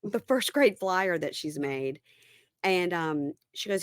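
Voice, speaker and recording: A woman's voice: lowish voice, a little slow, dry recording, clean studio sound. A woman co-hosting a casual podcast, recapping a reality show and acting out the cast's lines as she retells them. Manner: animated retelling, acting out quotes. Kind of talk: casual chat.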